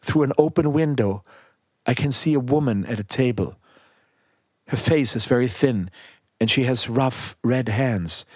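A man voicing a sorrowful dead prince who is now a golden statue, speaking in a gentle, pleading way in a storybook reading. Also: mid-range voice, unhurried, husky, dry recording, clean studio sound.

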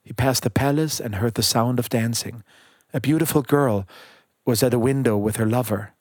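A man reading a fairy tale aloud in a calm, measured way, with brief remarks about the story before he begins. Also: mid-range voice, dry recording, clean studio sound.

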